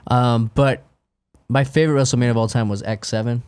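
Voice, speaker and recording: A man in a casual wrestling chat, telling rambling, animated stories. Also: mid-range voice, brisk, smooth, no echo. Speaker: co-host.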